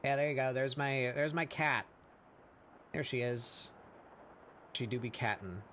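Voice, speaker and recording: A man hosting a casual art live stream, hoarse after hours of talking, rambling with fillers and laughs. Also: mid-range voice, a little slow, a bit bright, a little hiss or hum. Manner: rambling and self-deprecating, with frequent fillers and laughs. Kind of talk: casual live-stream chat while drawing.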